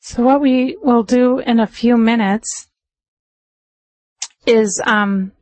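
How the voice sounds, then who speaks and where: A woman's voice: on the high side, dry recording, rough recording. Chatty woman meditation teacher, dry sound. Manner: chatty storytelling with laughs, slowing to a calm measured close. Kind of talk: Buddhist dharma talk.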